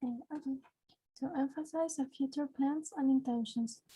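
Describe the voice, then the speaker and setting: A woman's voice: high voice, fairly even intonation, normal speed, dark tone, rough recording. A woman student reading an English example aloud in an online class. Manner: brief plain reading aloud.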